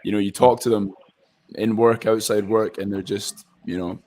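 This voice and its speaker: A young man from Scotland talks casually as a guest actor, with a slightly low voice. He rambles and restarts often, leaning on plenty of fillers. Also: fairly even intonation, moderate pace, mellow. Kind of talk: casual interview chat.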